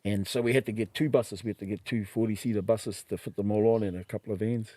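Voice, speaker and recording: A man's voice: on the low side, fast, no room sound. A middle-aged man with a New Zealand accent, telling stories in casual chat and acting out what people said. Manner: animated, acts out quoted voices, laughs while telling. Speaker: podcast guest. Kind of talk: casual storytelling.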